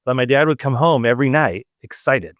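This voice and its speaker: A man from Southern California hosting a podcast, telling a story in a casual, animated way and acting out quoted lines. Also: medium pitch, a little fast, no echo, studio quality. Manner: animated, acts out quoted dialogue. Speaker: podcast host.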